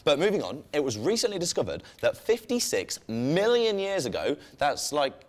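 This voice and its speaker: A man's voice: fairly high pitch, wildly swooping pitch, normal speed. A young man co-hosting a student science news show, reading scripted stories with cheeky, playful asides. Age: young adult.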